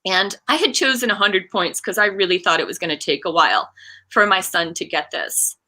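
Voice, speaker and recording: A woman's voice: medium pitch, lively intonation, brisk, pushed and bright. A woman in her forties, a coach, telling a heartfelt personal story in an interview and acting out the quoted lines. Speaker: guest, coach and card game creator.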